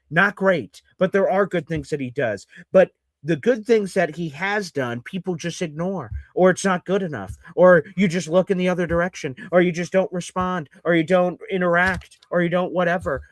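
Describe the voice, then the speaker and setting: Ranting high-voiced sports host. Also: male voice, a bit bright, no echo, studio quality. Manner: ranting and sarcastic, mocking fans in put-on voices. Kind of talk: live sports reaction talk.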